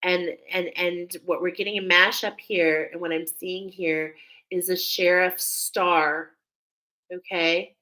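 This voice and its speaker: A woman's voice: on the low side, fairly even intonation, takes it slowly, sharp tone, poor audio. A woman doing a live spiritual oracle card reading, effusive and exclaiming, often breaking into laughter. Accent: American. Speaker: tarot and oracle card reader.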